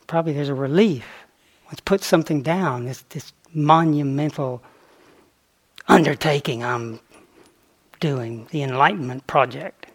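On retreat, a man with a slightly high voice delivers a dharma talk as the meditation teacher. The pace is unhurried and thoughtful, with playful asides sprinkled in.

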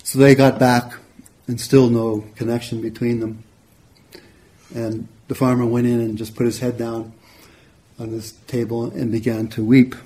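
A man, a meditation teacher, telling a story in a relaxed, conversational dharma talk. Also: mid-range voice, measured pace. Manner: relaxed, conversational, frequent "you know". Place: retreat center hall.

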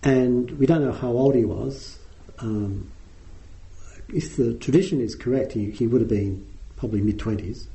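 A male meditation teacher gives a conversational dharma talk in a meditation hall, often saying "um." His medium-pitched voice is warm, carries some vocal fry and moves at a normal speed. The hall adds a roomy echo to the recording.

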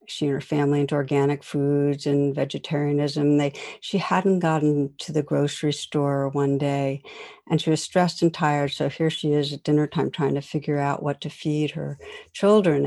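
Gentle woman teacher with a mellow voice. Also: deep voice, creaky. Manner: gentle, unhurried, soft invitations with pauses. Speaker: meditation teacher. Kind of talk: dharma talk with guided reflection.

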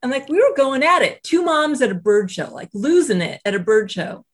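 A woman's voice, husky with a breathy edge and set fairly high. She is a self-compassion teacher and author, speaking as an interview guest. She tells stories in a lively, conversational way and slips into the voices of the people she quotes. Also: moderate pace. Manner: animated, acts out quoted voices, frequent "you know" asides.

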